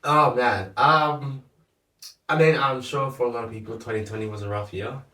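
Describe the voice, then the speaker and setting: A young man, a podcast guest, chatting casually with a relaxed, laughing manner and a lot of "like". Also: medium pitch, normal speed. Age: young adult. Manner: laid-back, laughs often, lots of "like". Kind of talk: casual chat. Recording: echoey room, mic at a distance.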